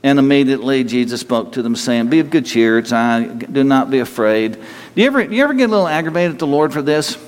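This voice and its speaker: A man preaching a sermon to a congregation, telling stories in an animated way and moving between loud bursts and quieter stretches. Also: medium pitch, quick pace. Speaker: pastor. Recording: long hall reverb.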